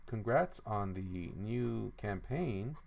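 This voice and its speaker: A man's voice: on the low side, lively intonation, normal speed, gravelly. A man streaming as a comic artist, chatting casually and playfully with his viewers, often trailing off and repeating himself. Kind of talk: casual livestream chat, reading comments aloud.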